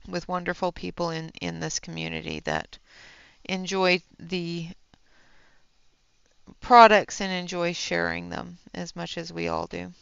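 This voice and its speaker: A woman hosts a coloring livestream and chats slowly and easily with her viewers, with lots of fillers and laughter. Her voice is bright and clear with a gravelly edge. The sound is dry and a little dull. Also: lowish voice, level tone, no echo. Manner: chatty, reads and answers chat, laughs often, many fillers. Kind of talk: casual livestream chat while coloring.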